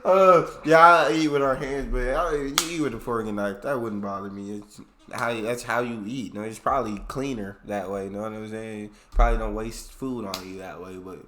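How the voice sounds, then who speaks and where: A man's voice: fairly low pitch, normal speed, fairly bright tone, roomy sound. An American man hosting a reaction video in casual, laid-back, slangy chat. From United States.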